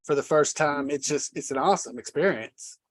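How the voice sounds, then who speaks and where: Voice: medium pitch, brisk, no room sound. Enthusiastic fan-turned-host, dry sound. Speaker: interview host. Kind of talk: casual interview chat.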